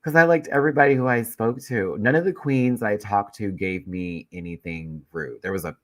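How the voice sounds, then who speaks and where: A very low-pitched man talks casually to his live-stream viewers, rambling and cursing. He is stuffy with a head cold. The sound is dry and close, with no room echo. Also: husky. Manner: chatty and rambling, swears freely. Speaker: YouTube recap host.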